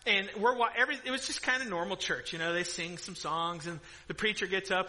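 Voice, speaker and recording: A middle-aged male pastor preaching in a church auditorium, telling a story with animated energy, laughing and breaking into loud outbursts. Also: high voice, fairly quick, few pauses, rough recording. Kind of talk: sermon.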